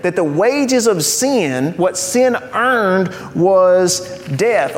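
Preaching a sermon, a pastor with a high voice teaches conversationally and slips in the occasional joke. He slows way down to stress key phrases, and a long reverb carries his voice as though through a large church sanctuary.

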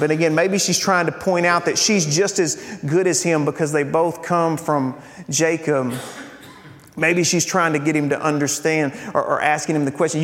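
Conversational preacher in a reverberant hall. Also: male voice, fairly high pitch, normal speed, a bit bright. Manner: conversational, repeats words, rhetorical "right?". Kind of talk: sermon.

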